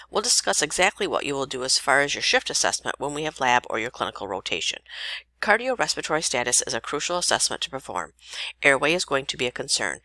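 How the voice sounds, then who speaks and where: A woman nursing instructor reading a lecture podcast in a steady way, now and then correcting herself mid-sentence. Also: sits low, dry recording.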